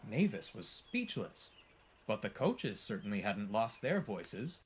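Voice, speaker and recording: A man giving scripted, expressive storybook narration. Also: on the low side, unhurried, slight background noise. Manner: expressive, animated.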